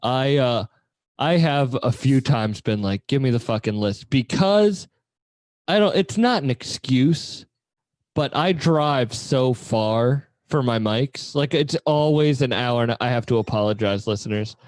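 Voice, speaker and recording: A man's voice: mid-range voice, lively intonation, a little slow, darkish tone, dry recording. A man hosting a casual chat podcast, rambling through stories and laughing often. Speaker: podcast host.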